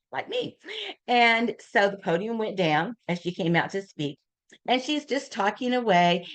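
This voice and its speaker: Older woman telling lively anecdotes. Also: mid-range voice. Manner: lively anecdotes, acts out quoted voices. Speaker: guest speaker. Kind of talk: casual storytelling talk.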